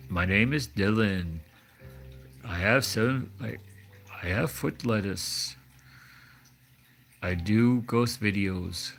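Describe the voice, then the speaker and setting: A man doing a slow, halting impression of a young male YouTuber known for his odd voice. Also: lowish voice, creaky, a bit bright, faint music behind, exaggerated voice. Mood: mimicking.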